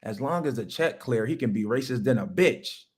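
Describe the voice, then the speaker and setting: A man, hosting a livestream and delivering a loud, preachy motivational rant that jumps high when he hammers a point. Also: lively intonation, normal speed. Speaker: livestream host.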